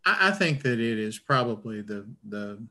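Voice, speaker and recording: A man's voice: fairly low pitch, sing-song, moderate pace, pushed and bright. Male author with a northern Alabama accent, stammering, self-deprecating, over a video call. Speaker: author guest. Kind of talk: conversational interview.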